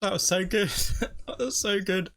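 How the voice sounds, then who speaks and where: Gravelly man gushing over a finale. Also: high-pitched, measured pace, a bit bright. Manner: gushing and emotional, thinking aloud with restarts. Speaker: TV reaction channel host. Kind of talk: casual reaction commentary.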